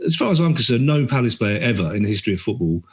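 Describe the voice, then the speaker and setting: A middle-aged man chats as a podcast guest. He is animated and tells stories with quick asides. He often acts out the voices of the people he quotes. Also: mid-range voice. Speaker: podcast guest, comedian and author. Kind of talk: casual chat.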